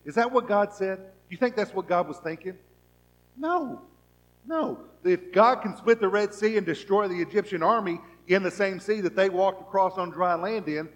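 Animated man preaching a sermon. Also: high voice, lo-fi sound. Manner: rhetorical questions, voices people's thoughts, animated swings in loudness. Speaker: pastor.

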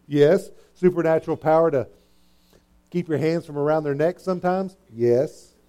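A man's voice: on the high side, mellow. A middle-aged male pastor preaching a sermon, earnest and emphatic, repeating his points.

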